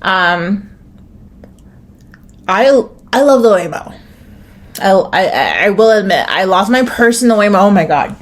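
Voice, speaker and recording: A woman's voice: medium pitch, lively intonation, unhurried, long pauses. American woman ranting on her own podcast, swears a lot, rambly, says like constantly. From United States. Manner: rambling, profane, restarts and many "like"s. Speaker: podcast host. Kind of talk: solo podcast rant.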